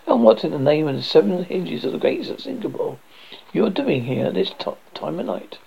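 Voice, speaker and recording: A man's voice: a little high, very animated, a little fast, vocal fry, warm tone, breathy edge, exaggerated voice. A man voicing a vain, touchy young man who answers a strange visitor with scorn and anger. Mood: indignant. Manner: indignant and scornful. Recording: dull lo-fi recording.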